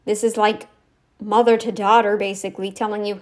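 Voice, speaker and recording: A woman's voice: mid-range voice, flat delivery, brisk. A woman talking straight to the camera in a rambling, scolding, sarcastic way, full of "like" fillers. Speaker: YouTube commentator. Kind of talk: ranting direct-to-camera commentary.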